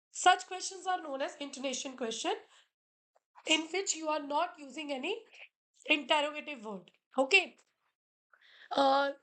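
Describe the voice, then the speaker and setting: High-voiced Indian woman teaching. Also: fairly bright tone. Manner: slow, explanatory, switching between English, French and Hindi. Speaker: French teacher. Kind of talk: classroom lesson.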